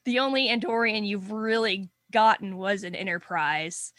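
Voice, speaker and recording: A woman with a bright, clear voice shares her views in a hesitant, soft-spoken way. The recording is dry and close. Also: mid-range voice, moderate pace, no room sound. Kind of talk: casual chat.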